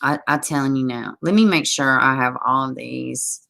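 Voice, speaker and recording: A woman hosting a livestream from home, reading news stories aloud and reacting in an exasperated, animated way while talking straight to her viewers. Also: a bass voice, moderate pace, vocal fry. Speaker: livestream host. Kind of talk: casual news commentary to a live chat.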